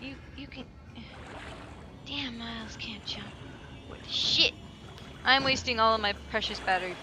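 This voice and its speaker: A woman's voice: a little high, unhurried, poor audio. A young woman commentating a horror game while scared, jumpy and exclaiming, breaking into nervous laughter. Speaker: gameplay commentator. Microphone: desk microphone, knocked about. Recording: faint background noise.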